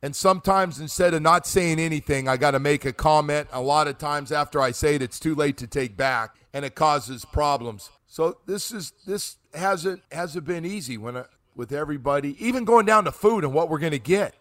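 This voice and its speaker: A man's voice: fairly high pitch, normal speed, few pauses, a bit bright, no room sound. A middle-aged man hosting a sports talk show, rambling and self-deprecating in casual chat. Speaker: sports radio host.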